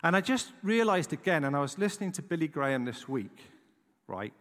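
A middle-aged English man preaches in a lively storytelling way, checking in with the listeners as he goes. His voice sits a bit high for a man and rises and falls widely. A long reverb trails his words through the church hall. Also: a little fast. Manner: animated, dramatic storytelling with frequent "right?" asides. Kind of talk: storytelling sermon.

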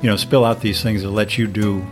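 A man answering an interview question in an easygoing, slightly halting way. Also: on the low side, fairly even intonation, music in the background. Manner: easygoing, a little halting with fillers. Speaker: guest performer.

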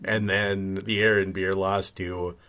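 A man's voice: deep voice, little pitch movement, slow, sharp tone. A man co-hosting a casual podcast, making sardonic, mock-grumbling jabs and wry comparisons. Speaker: podcast co-host.

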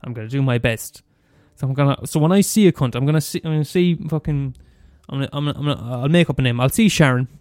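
A man's voice: medium pitch, quick pace, few pauses, darkish tone, no echo, studio quality. Exasperated sweary Limerick Irish man. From Limerick, Ireland. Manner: profane, exasperated, full of restarts and repetitions. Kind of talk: comedic rant monologue.

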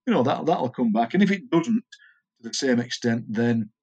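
A man's voice: medium pitch, expressive, normal speed, a little mellow, husky, dull audio. An older man, a poet chatting enthusiastically as an interview guest. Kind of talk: casual interview chat.

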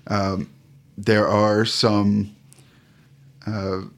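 Man, game master, low voice, slow pace, halting with fillers. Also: completely flat delivery. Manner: unhurried, halting with many fillers. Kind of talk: narrating a tabletop game.

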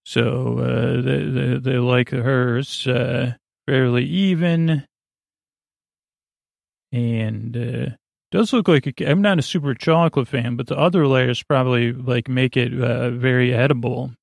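Slow, gravelly man recapping drowsily. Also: medium pitch, steady tone, no echo, studio quality. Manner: meandering, frequent self-corrections and filler words. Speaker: podcast host. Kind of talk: rambling sleep-podcast episode recap.

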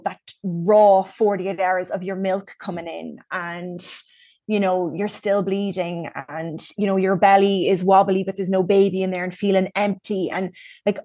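A woman's voice: medium pitch, steady tone, moderate pace, mellow, dry recording. A woman from Ireland, speaking as a guest and frankly telling her own story in casual conversation, with plenty of ums and likes.

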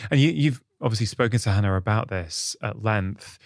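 A man's voice: fairly low pitch, moderate pace, gravelly, dry recording, clean studio sound. A man hosting a podcast interview, probing his guests with questions and restating details back to them. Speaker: podcast host. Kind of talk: conversational interview.

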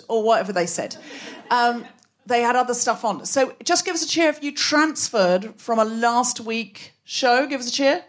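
A high-pitched woman hosts a comedy show live on a theatre stage. She teases the audience and her co-host in a quick, playful way. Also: lively intonation. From Australia. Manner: playful, teasing banter with the audience. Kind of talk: live comedy podcast hosting.

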